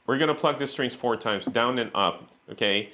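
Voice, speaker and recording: A man's voice: mid-range voice, moderate pace. A man teaching a beginner guitar lesson, patiently explaining and counting beats aloud, saying okay often. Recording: loud guitar playing behind the voice.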